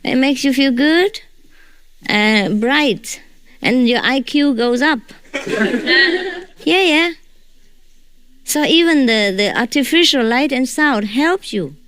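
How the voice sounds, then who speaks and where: A woman's voice: high voice, lively intonation, takes it slowly, fairly bright tone, clear, resonant tone. A woman who is not a native English speaker gives an informal, joking talk to her followers as a spiritual teacher. She often tags her sentences with a questioning "huh?".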